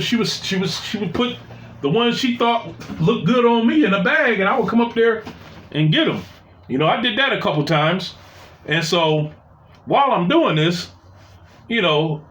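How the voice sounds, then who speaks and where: A man's voice: high-pitched, a bit bright. A man in his forties telling a personal story in a casual, profane, rambling way. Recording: echoey room.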